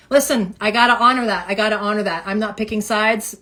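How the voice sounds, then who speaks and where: A woman giving a casual tarot reading, animated and emphatic, repeating phrases for effect. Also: fairly high pitch, normal speed. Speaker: tarot reader.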